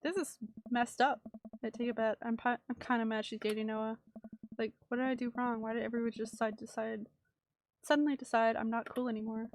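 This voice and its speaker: A woman's voice: on the high side, level tone, a little fast, slight background noise, natural voice. A woman voicing a teenage girl who rambles indignantly about betrayal by her friends. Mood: hurt. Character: upset teenage girl, dramatic and hurt.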